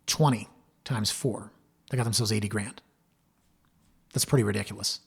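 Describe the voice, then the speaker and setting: Brief: middle-aged man, podcast host, husky, candid and chatty. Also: fairly low pitch, steady tone, normal speed. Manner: chatty and candid, acts out quoted voices, addresses listeners as guys. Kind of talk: casual solo podcast talk.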